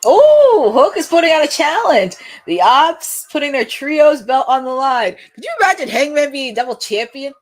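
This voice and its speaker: Young woman doing a live watch-along, chatty and excitable, high voice that jumps around a lot. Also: moderate pace. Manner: chatty, laughs often, reacts excitedly.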